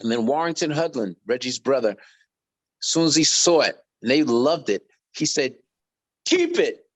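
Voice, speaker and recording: A middle-aged man, a guest on an interview podcast telling animated stories and acting out quoted voices. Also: mid-range voice, normal speed. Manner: lively anecdotes, acts out quoted voices. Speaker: guest musician.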